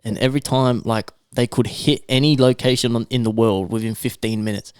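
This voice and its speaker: A man's voice: mid-range voice, steady tone, a little fast, clear, resonant tone, dry recording, studio quality. A man co-hosting a casual podcast, rambling through stories with lots of fillers. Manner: rambling, filler-heavy storytelling. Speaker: podcast co-host. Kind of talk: casual chat.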